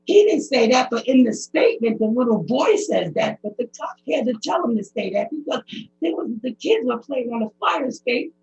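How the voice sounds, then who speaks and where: A middle-aged woman from the United States gives emotional, pleading testimony at a public hearing. Her high voice has a gravelly edge, and her speech halts as she goes on. The recording sounds dull and lo-fi. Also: big pitch swings, normal speed, a little mellow. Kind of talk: personal testimony.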